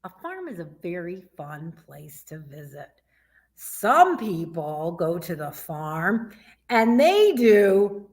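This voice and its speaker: Her voice is a little high and fairly bright, very animated yet slow. This woman, a Michigan youth librarian, leads a sing-song children's story time, asking her young audience questions and doing animal impressions.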